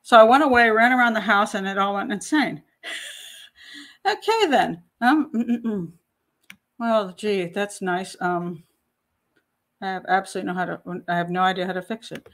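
A woman's voice: medium pitch, normal speed, long pauses, a bit bright. A woman in her sixties, out of breath, hosting a casual livestream at home and exclaiming to herself as she sorts out a screen problem. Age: 60s. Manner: chatty, exclaiming, talks to herself while troubleshooting. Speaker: host.

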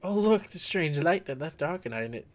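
A man giving casual let's-play commentary, excitable and jokey, yelping and shouting at the game. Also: fairly high pitch, normal speed.

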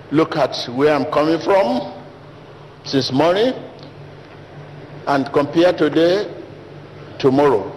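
A man delivering an emphatic, repetitive sermon as a pastor in a large church hall. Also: darkish tone. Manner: repetitive emphatic preaching, rising to high pitch. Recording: long hall reverb, faint noise.

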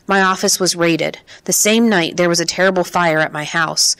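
A woman reading the lines of a frail, grieving old man who speaks quietly and slowly in an audiobook. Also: fairly low pitch. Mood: weary. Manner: quiet, measured.

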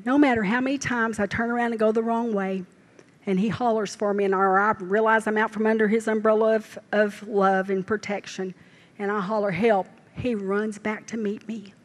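A woman's voice: a little high, in a large hall. An older woman, preaching a sermon at a church service and telling homespun stories in down-home grammar. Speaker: lay preacher. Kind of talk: folksy sermon.

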